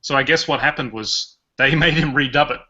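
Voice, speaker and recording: An Australian-accented podcast host rambles through casual, jokey chat, chuckling often. His medium-pitched voice is brisk, bright, forceful, and husky, captured in dull lo-fi podcast audio.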